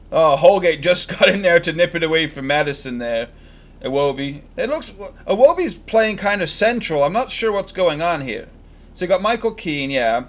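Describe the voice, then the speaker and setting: A man with a slightly high voice talks over a live football match for his stream. He chats, jokes and rattles off gloomy predictions for his own team. The delivery is loose and conversational, like a fan on the sofa. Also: big pitch swings, normal speed. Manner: chatty, joking, fan-biased predictions. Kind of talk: casual live match commentary.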